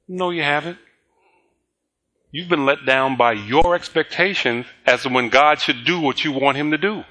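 A middle-aged male pastor preaching a sermon, slow and deliberate with emphatic repetition and chuckling asides. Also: fairly high pitch, bright, forceful tone.

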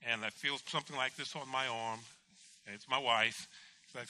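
A man, a pastor, telling a personal story in a casual, animated way, acting out the dialogue and laughing often. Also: mid-range voice, a little fast, a little hiss or hum. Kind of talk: storytelling testimony.

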